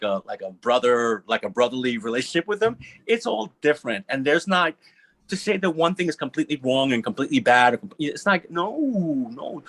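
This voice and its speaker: A man speaking on a panel in a casual, animated, profane way, acting out little quoted voices. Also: medium pitch, no room sound.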